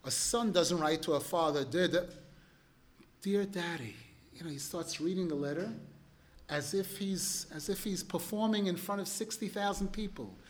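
A man as religious teacher giving an animated storytelling sermon, emphatic and clearing his throat now and then. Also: high voice, moderate pace.

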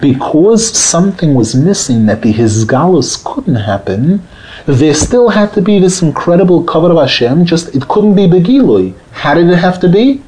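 Male rabbi, mellow tone, lively lecturer who acts out quotes. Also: moderate pace, slightly rough, rough recording. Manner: animated, acts out quotes with rising pitch, drops to a murmur. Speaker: rabbi teaching a Torah class. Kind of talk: Torah lecture.

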